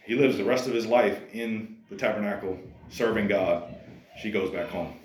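A man preaching a sermon to a congregation in a conversational, animated way, often calling the listeners "guys". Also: on the low side, moderate pace, echoey room, background noise. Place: church service.

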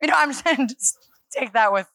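A woman speaking at a church on a handheld microphone, giving a lively, self-deprecating sermon that acts out her talks with God. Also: high-pitched, normal speed, dry recording. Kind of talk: conversational sermon. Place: church stage.

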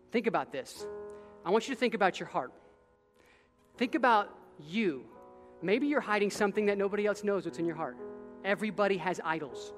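Male pastor, fervent pulpit preacher, big dynamic swings, long church reverb with faint music bed. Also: high voice. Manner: impassioned preaching, rising to near-shouts and dropping to quiet. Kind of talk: sermon.

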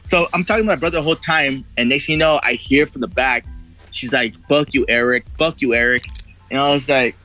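A man's voice: on the high side, fast talker, bright, forceful tone, faint music behind, rough recording. Rambling, profane young-sounding man telling a story. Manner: rambling, heavy swearing, acts out quoted voices. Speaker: podcast guest. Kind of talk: casual storytelling.

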